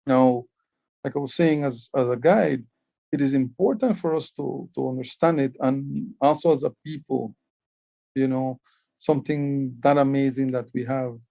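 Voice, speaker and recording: A man's voice: mid-range voice, normal speed, gravelly, dark tone, dry recording, dull audio. A man from Belize, giving an explanatory conference talk as a Maya writing educator, often repeating words as he starts a phrase. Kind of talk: conference presentation.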